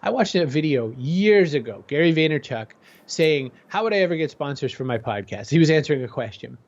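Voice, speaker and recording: A man's voice: a little high, brisk. A man as a guest in an interview, talking energetically and conversationally. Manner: energetic, conversational, jumps into quoted voices. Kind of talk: motivational interview talk. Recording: dull lo-fi sound.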